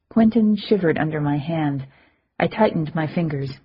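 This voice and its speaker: A woman narrating an audiobook in the first person, in a calm, even storytelling manner. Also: low voice, moderate pace, husky. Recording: slightly muffled audio.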